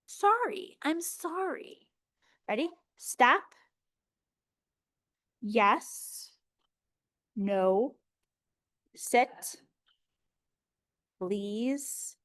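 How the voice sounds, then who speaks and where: A woman in her thirties teaching an early childhood workshop over a video call, chatty and energetic, slowing down to demonstrate words. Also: a little high, no echo, clean studio sound. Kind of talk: teaching a live webinar.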